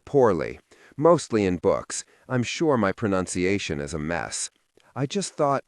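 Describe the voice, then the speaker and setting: A man's voice: deep voice, big pitch swings, no room sound, clean studio sound, full character voice. A man voicing a weary, tender young mage. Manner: quiet, gentle, halting when speaking a foreign tongue.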